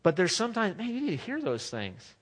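A man's voice: high-pitched, wildly swooping pitch, brisk. A man preaching a sermon as pastor, earnest and conversational, often restarting his phrases.

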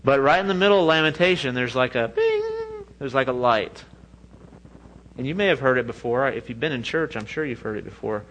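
A man preaching a sermon in a lively, joking way, often laughing at his own asides. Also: mid-range voice, brisk, slight background noise, low-quality recording. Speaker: pastor.

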